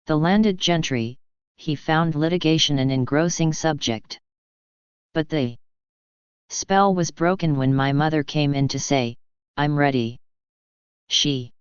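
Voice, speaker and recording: A storybook narrator reads at a very slow, careful pace for English learners. The voice is crisp and smooth, with a middle pitch. It sits close and dry on a slightly muffled recording. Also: dry recording. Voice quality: clear, careful reading.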